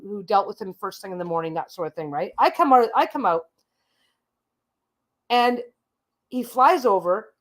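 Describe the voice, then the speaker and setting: Rambling, chatty woman with higher voice. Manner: chatty, rambling, frequent asides and restarts; swears casually. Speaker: host. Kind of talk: casual storytelling monologue.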